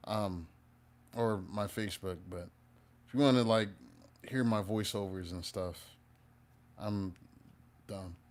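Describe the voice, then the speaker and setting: Man, tarot reader, casual live reading, joking and chatty, fairly low voice. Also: slow pace, long pauses.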